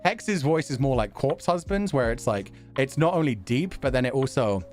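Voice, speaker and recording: A male streamer chatting with his viewers in an easy, talkative way. His pitch moves around a lot, from low murmurs to bright high bursts. Faint music plays softly behind him. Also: animated, moderate pace. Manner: chatty, laughs often, reacts to chat and videos. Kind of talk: casual stream chat.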